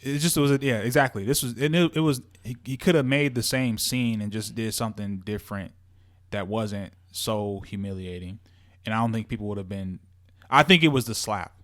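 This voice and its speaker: A man co-hosting a podcast in casual chat, animated and repeating himself with many fillers. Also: on the low side, normal speed. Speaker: podcast co-host.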